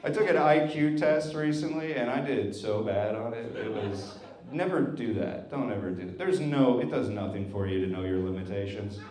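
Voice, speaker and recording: A man doing a stand-up comedy set, telling stories in a deadpan way with acted quotes. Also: mid-range voice, normal speed, few pauses. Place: brewery stage with live audience. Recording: roomy live venue with crowd laughter. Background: audience laughing.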